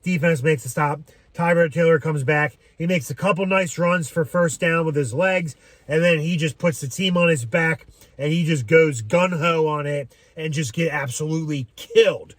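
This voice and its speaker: A man talking through a game reaction in a loose, rambling way, with plenty of filler words and casual cursing. His voice sits a bit high for a man and sounds close and dry, with almost no room around it. He comes across as an off-the-cuff fan commentator. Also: no room sound. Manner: rambling, frequent "um", swears freely.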